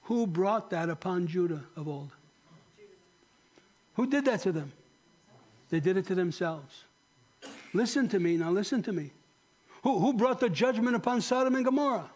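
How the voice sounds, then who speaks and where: A male pastor preaching with passion, his high voice climbing on pointed questions before falling to a near-hush. The delivery is a fervent sermon, by turns urgent and sorrowful. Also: lively intonation, moderate pace, long pauses. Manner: impassioned preaching, rising to emphatic high questions then dropping soft.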